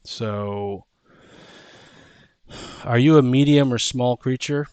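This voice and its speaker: A man's voice: medium pitch, slow pace, darkish tone, smooth, no echo. A man running a tabletop game as dungeon master, hesitant with lots of ums.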